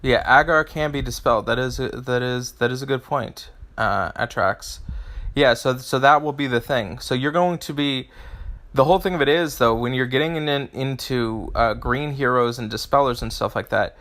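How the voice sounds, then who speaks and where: A man's voice: medium pitch, normal speed, a bit bright. A man hosting a live game stream, answering chat and reading out game stats in a rambling way, often restarting his phrases.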